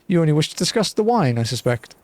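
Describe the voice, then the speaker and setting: A man's voice: on the high side, big pitch swings, quick pace, pitched above the performer's own voice. A man voicing a blind retired male mercenary turned wine merchant who speaks in a courteous, old-fashioned formal way, reading game dialogue aloud. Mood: genteel.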